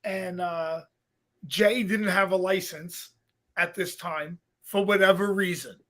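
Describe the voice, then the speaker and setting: Brooklyn guy, high bright voice, podcast co-host, animated storyteller. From Brooklyn, New York. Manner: animated, swearing, quick storytelling. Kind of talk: casual chat, storytelling.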